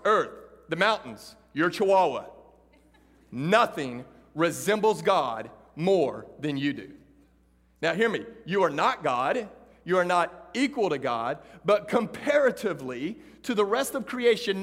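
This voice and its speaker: Texan man preaching to students, fairly high voice, swings between rousing calls and quiet storytelling, long hall reverb. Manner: animated, shifts from loud calls to hushed storytelling. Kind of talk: sermon to students.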